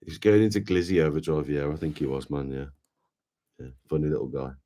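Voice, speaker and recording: A laid-back male streamer with an extremely deep voice. He chats casually and without hurry with his viewers, and his tone stays low-key. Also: fairly quick, warm tone. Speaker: streamer host. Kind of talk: casual live stream chat.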